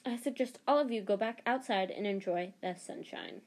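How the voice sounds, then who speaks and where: A woman's voice: medium pitch, moderate pace, a little mellow, lightly acted. A stern older schoolmistress, read by a woman, cold and curt. She clips her words short, a strict figure from a storybook. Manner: clipped, curt.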